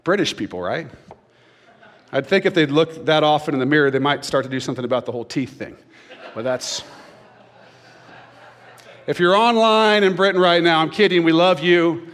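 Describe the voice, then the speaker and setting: A man's voice: a little high, lively intonation, normal speed, long pauses, fairly bright tone, big-room sound. A man preaching a sermon in a church, talking casually and joking with the congregation. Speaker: pastor. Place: church stage.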